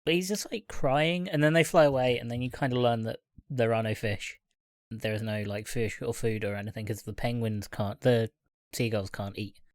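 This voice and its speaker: A man's voice: medium pitch, fairly even intonation, normal speed, dry recording. A man co-hosting a film podcast, retelling the plot in a laid-back way and laughing along. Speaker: podcast co-host.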